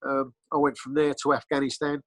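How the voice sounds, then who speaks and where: A man's voice: medium pitch, little pitch movement, brisk, dry recording, low-quality recording. A middle-aged Englishman, telling rambling, blunt stories as a podcast guest, full of ums and restarts. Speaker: podcast guest, former bodyguard. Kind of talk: casual storytelling interview.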